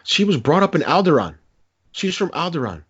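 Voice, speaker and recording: A man's voice: fairly high pitch, sing-song, brisk, a bit bright, husky. A man co-hosting a podcast in casual chat, a chatty storyteller who corrects himself as he goes. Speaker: podcast co-host. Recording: dull lo-fi podcast recording.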